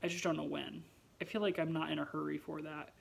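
A man's voice: on the high side, level tone, fast talker, gravelly, poor audio. A man vlogging in a casual chat to the camera, rambling and musing aloud with wry, self-mocking humor.

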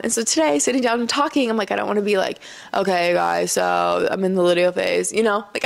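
Tired, chatty young woman with vocal fry. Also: mid-range voice. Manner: chatty, filler-heavy, laughs often. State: tired, yawning. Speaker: podcast host. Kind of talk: casual solo podcast chat. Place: seated indoors.

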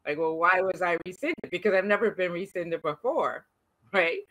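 Woman in her 60s with a bright, crisp voice, telling family stories with lively animation. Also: on the low side, normal speed, poor audio. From United States. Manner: lively, animated storytelling with laughs and restarts. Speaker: interviewee. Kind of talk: recorded conversation between siblings.

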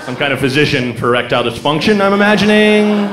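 A man doing a rambling, self-mocking stand-up routine, breaking into loud mock singing. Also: mid-range voice, lively intonation, quick pace. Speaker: stand-up comedian. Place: comedy club stage. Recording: live club recording, roomy, crowd laughter.

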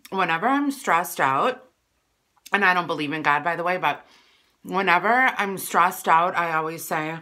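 A woman's voice: mid-range voice, sharp tone. A woman from Wisconsin chatting casually to her viewers while eating lunch, rambling between bites. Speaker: vlogger. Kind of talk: casual mukbang vlog chat.

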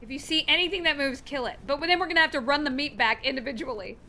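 A woman hosting a casual let's-play with friends, excitable and exclamatory, calling out orders to her teammates over voice chat. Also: sits high, fast. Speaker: host.

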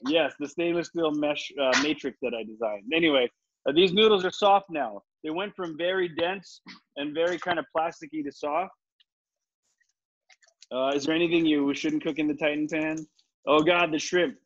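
A man with a high-side voice speaks at normal speed while teaching a live cooking class online. Chatty and confident, he walks through each step as he cooks and answers questions, on slightly dull video-call audio with faint noise.

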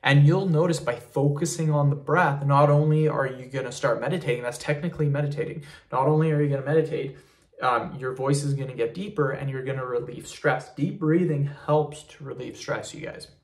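Male vlogger with a mid-pitched, gravelly voice, relaxed and rambling talking-head delivery. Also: a little fast. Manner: relaxed, rambling, says "you guys" and "um" often. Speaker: fitness YouTuber. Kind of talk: casual talking-head tips video.

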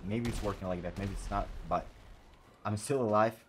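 Excitable man narrating his gameplay. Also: lowish voice, normal speed. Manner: excitable, frequent exclamations and slang. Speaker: gaming YouTuber. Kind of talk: let's play commentary.

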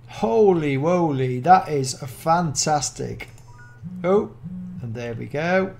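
A speaker with a British accent giving casual gameplay commentary as a Minecraft mod showcaser, gushing and excitable, full of gasps and oohs. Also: medium pitch, slow, vocal fry, soft background music.

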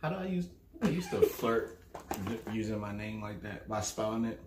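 A man's voice: fairly low pitch, animated, normal speed, reverberant, noisy background. A man chatting as a guest, laid-back and joking, laughing a lot. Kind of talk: casual chat.

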